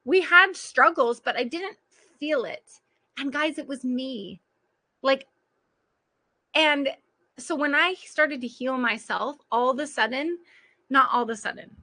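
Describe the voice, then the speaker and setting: A woman's voice: high voice, bright, forceful tone. A woman coach giving an earnest motivational talk on a group call, speaking straight to her listeners and laughing often. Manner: earnest, direct address to listeners, frequent laughter. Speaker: parenting and life coach.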